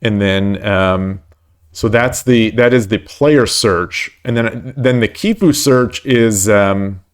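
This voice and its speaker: A man with a slightly low voice talks through his online games at home on a live stream. He rambles and stumbles, repeating words as he thinks aloud. He keeps making light of his own losing run. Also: slow pace, clean tone. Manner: self-deprecating about his losses. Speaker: shogi streamer. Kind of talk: live-stream commentary while playing.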